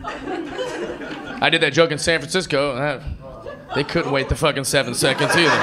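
A man performing stand-up comedy on a club stage, telling stories with animated, mocking voices and a self-assured delivery. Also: fairly high pitch. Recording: loud crowd noise, club ambience.

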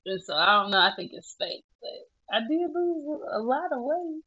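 Casual woman vlogger, bright tone, tearful laughs, lo-fi phone sound. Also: a little high, big pitch swings, normal speed. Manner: chatty, self-mocking, laughing through tears. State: tearful at times. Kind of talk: casual selfie vlog.

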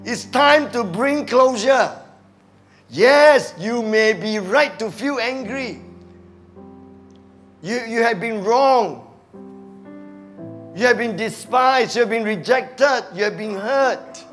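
A man with a Malaysian English accent preaching a sermon as pastor, animated, dropping to muttered asides and acting out quoted voices. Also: high voice, slow pace, long pauses, soft background music. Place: church.

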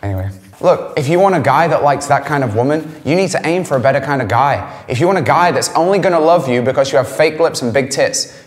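A man's voice: on the high side, animated, fast, big-room sound. A man from England, a musician giving candid interview answers in a blunt, profane way, repeating words for emphasis. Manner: blunt, swearing, emphatic repetition.

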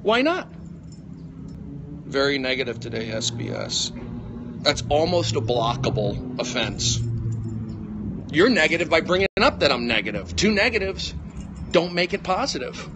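A middle-aged man rants into a phone held at arm's length, his slightly high voice leaping wildly between loud outbursts and low mutters. The noisy outdoor recording carries plenty of background sound. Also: very animated, measured pace, long pauses. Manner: agitated, shouty, jumps between loud bursts and low mutters. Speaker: comedian livestreaming. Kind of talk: rambling livestream rant.

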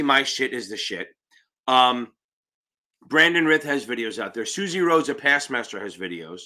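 This exam prep tutor runs a live-stream Q&A in a bright, forceful voice on the high side. His manner is blunt, brash, and profane, with plenty of emphatic interjections.

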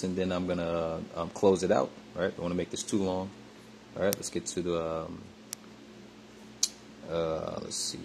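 A deep-voiced man preaching and reading scripture aloud, stopping constantly to check in with "all right?", "okay?" and "you see?" between phrases. He stumbles through fillers and restarts as he goes. Faint room noise sits behind him. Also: gravelly, darkish tone. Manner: halting with many fillers and restarts. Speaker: religious teacher. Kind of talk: scripture teaching monologue.

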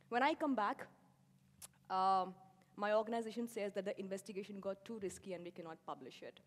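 A woman's voice: mid-range voice, fast talker. Sardonic woman lecturing in a hall. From India. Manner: sardonic, ironic asides. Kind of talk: public lecture.

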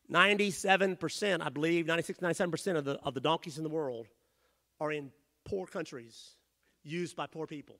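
A man preaching a sermon as pastor in a church, rising to shouted emphasis and dropping to quiet asides. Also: a little high, fast. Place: church sanctuary.

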